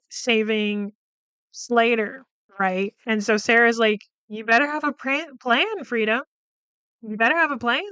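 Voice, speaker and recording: A woman's voice: on the high side, fairly bright tone, clear, resonant tone, no room sound. A woman hosting a podcast, recapping a film plot in a chatty, loose way with lots of fillers and some swearing. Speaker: podcast host reviewing a film.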